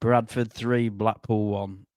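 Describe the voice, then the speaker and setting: A man's voice: fairly low pitch, little pitch movement, slow pace, darkish tone, no echo, studio quality. A man on a football podcast panel, jokey and telling anecdotes with gusto. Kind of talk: casual football podcast chat.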